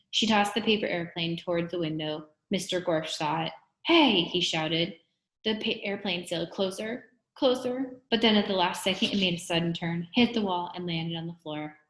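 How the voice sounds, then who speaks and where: A woman with a lowish voice reads a children's book aloud, giving each character's line some expression. The recording carries a noticeable room echo. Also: normal speed. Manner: expressive storytelling, acts out the characters' lines. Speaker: reader. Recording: roomy echo.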